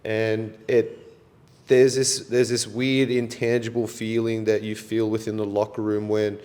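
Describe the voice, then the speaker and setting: A podcast host speaks in a low, fairly flat voice, relaxed and encouraging. A long reverb tail hangs on his words, as in a large hall. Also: a little slow. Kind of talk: casual chat.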